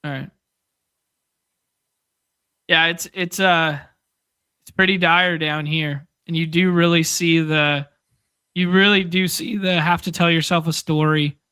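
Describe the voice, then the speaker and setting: A man's voice: fairly high pitch, steady tone, measured pace, long pauses, sharp tone, clear, resonant tone, no echo. A man co-hosting a podcast, casually chatting through fantasy sports picks and thinking aloud. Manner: rambling, restarts while thinking aloud. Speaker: podcast co-host.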